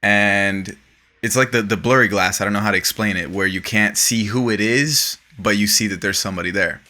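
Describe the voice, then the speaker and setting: A man hosting a podcast, telling an animated, profane story in casual chat. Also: fairly low pitch, a little fast. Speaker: podcast host.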